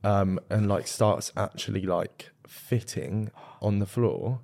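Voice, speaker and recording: A man's voice: on the low side, slow pace, vocal fry, darkish tone. A young man co-hosting a casual podcast, telling a story in a chatty way. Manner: chatty storyteller recounting anecdotes. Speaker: podcast co-host. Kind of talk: casual chat.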